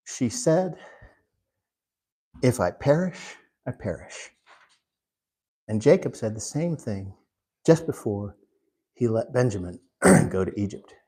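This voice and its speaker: A man teaching a Bible class in an unhurried way, putting questions to the class. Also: medium pitch, warm tone. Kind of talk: interactive Bible class lesson.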